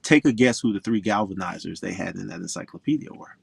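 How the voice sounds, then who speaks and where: A man's voice: deep voice, quick pace, creaky, breathy edge, dry recording. A man in his forties from Florida, a pro golfer guest, telling stories in an outspoken, emphatic way. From Orlando, Florida. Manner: outspoken, emphatic, animated storyteller. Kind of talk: interview storytelling.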